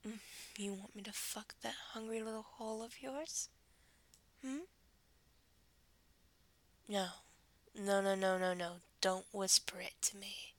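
A woman in a whispered role-play, speaking in a breathy, dominant and teasing way, giving commands. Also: mid-range voice, fairly even intonation, measured pace, long pauses. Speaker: audio role-play performer.

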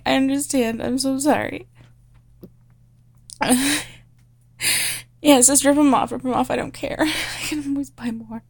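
A woman's voice: high voice, gravelly, voice pushed up, full character voice. A woman voicing a nervous, apologetic young office worker who stammers and pleads breathlessly in an improvised audio role-play. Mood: pleading.

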